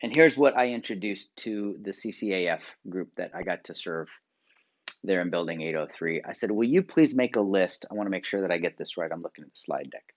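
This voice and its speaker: The recording is dull and lo-fi: a workshop presenter from the United States, fairly low in pitch, leads a motivational video talk. He coaches viewers through exercises with direct instructions, going from loud emphasis to quiet asides.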